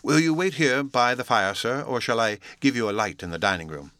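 A man's voice: mid-range voice, brisk, bright, forceful tone, clear, resonant tone, no echo, natural voice. A man voicing a polite, deferential elderly butler, read from a classic story. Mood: courteous.

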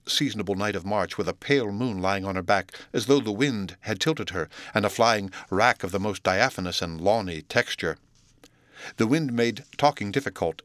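A man narrating a classic novel as an audiobook, in a steady, measured storytelling voice. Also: on the low side, no room sound. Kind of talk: scripted narration.

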